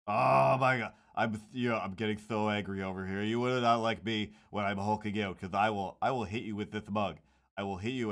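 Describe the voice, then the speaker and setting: A man's voice: on the low side, a bit bright. A man chatting casually while drawing comics on a stream, rambling with jokey mock outrage and slipping into silly voices.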